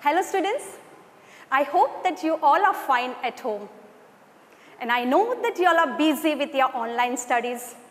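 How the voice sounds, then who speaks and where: A woman's voice: high voice, lively intonation, moderate pace, in a large hall. A woman teacher with an Indian English accent giving a recorded online lesson, explaining and addressing her students directly.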